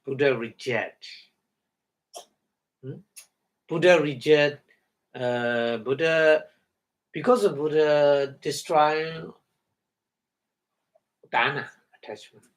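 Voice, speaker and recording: A man giving a Dhamma talk in halting English, breaking Pali words into syllables, often chuckling and asking if listeners follow. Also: a little high, steady tone. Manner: halting non-native English, chuckles often, checks understanding. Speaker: meditation teacher.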